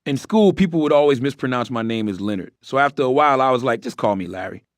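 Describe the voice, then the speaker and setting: A man's voice: mid-range voice, fast talker, no room sound, clean studio sound. A middle-aged man narrating his memoir in a candid, wry storytelling manner with blunt, profane asides.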